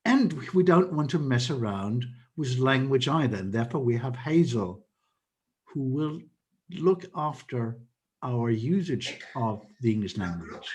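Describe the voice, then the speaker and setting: A man hosting an online club meeting, introducing each speaker with playful, lively remarks. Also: medium pitch, measured pace. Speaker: meeting host, toastmaster of the evening.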